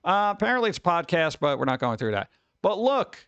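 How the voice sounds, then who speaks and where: A man's voice: sits high, expressive, moderate pace, a bit bright, clear, resonant tone, dry recording. Rambling man hosting a casual livestream. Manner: rambling, exclaims and grumbles at tech trouble. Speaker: livestream host. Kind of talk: casual live-stream chat.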